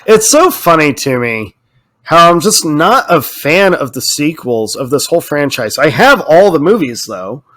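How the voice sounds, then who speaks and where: A man in casual podcast chat, ranting with animated energy and swearing freely. His voice sits a little higher than most men's, with a lively, mildly sound. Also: measured pace. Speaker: podcast co-host.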